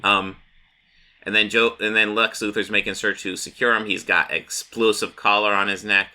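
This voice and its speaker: A man's voice: lowish voice, little pitch movement, normal speed, bright, forceful tone, clean tone. A man hosting a channel, recapping a comic in a casual, rambling way with many fillers. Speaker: comic book channel host.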